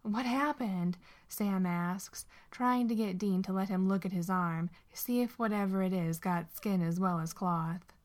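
A woman narrating a story aloud in an expressive, steady way. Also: mid-range voice, measured pace, few pauses.

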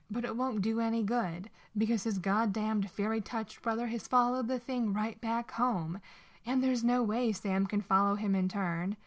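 A woman narrating a story aloud in an expressive, steady way. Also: medium pitch.

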